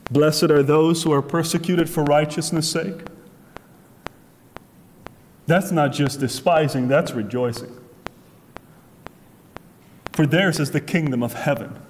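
A man preaching a sermon, emphatic, acting out what people say with sharp rises and drops. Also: fairly high pitch, fairly even intonation, slow pace, pauses often. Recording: faint noise, long hall reverb.

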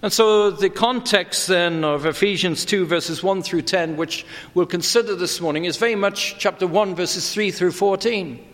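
A man preaching an expository sermon, measured and deliberate, leaning on emphatic words. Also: high voice, a bit bright, big-room sound. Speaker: pastor.

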